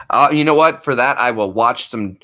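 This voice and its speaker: A man's voice: mid-range voice, sharp tone. A young man, a streamer, chatting casually with viewers and thanking them effusively. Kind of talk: casual livestream chat.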